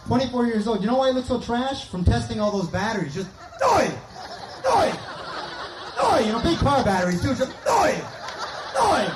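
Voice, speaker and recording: A man's voice: very high voice, fast talker, hardly any pauses. A male stand-up comic doing a live set, rattling off jokes, acting out voices and laughing at his own lines. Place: outdoor park concert stage. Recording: echoey outdoor concert with crowd noise.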